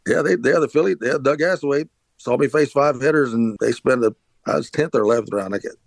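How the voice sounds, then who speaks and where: A man's voice: medium pitch, brisk, gravelly, no room sound, low-quality recording. Brief: middle-aged man, dry, rambling storyteller. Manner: rambling anecdotal, frequent restarts and filler "uh". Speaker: interview guest, former pitcher. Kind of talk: casual storytelling.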